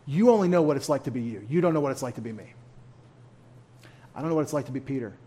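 A man's voice: mid-range voice, animated, quick pace, mellow. A man leading a church Bible study in a folksy, conversational way, with humorous asides.

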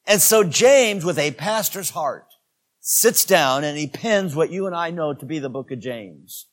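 A male pastor preaching a sermon, addressing his congregation directly and moving between loud exhortation and quieter asides. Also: on the high side, expressive, moderate pace.

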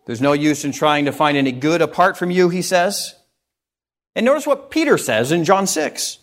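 A man's voice: a little high, expressive, normal speed. A male pastor giving an earnest, emphatic sermon, reading scripture and stressing key phrases.

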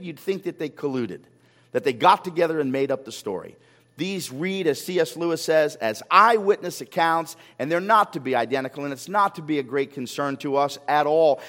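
A pastor preaches a sermon in a church sanctuary, his voice on the high side and his speed normal. He's animated, firing off rhetorical questions and repeating words when excitement builds, and the hall adds a long reverb.

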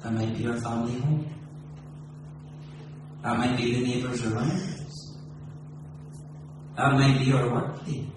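Preacher in an echoey hall. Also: male voice, steady tone. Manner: impassioned preaching, rising to loud exclamation then dropping low and slow. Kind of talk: sermon. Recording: echoey room from far off with noise.

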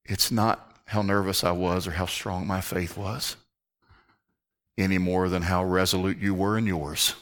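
Low-voiced earnest male preacher. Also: level tone, a little slow. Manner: earnest, drops to a hushed near-whisper for emphasis. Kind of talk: sermon.

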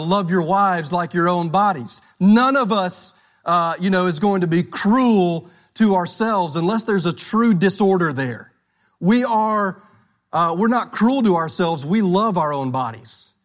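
High-voiced preacher repeating his point. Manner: emphatic, repeats key phrases; asks the congregation questions. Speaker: pastor. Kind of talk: sermon.

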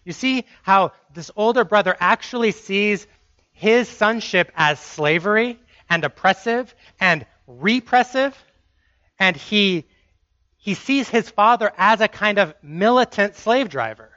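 Male preacher, high and bright, emphatic sermon delivery with repeated phrases; dry, slightly dull recording. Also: lively intonation, measured pace, no echo.

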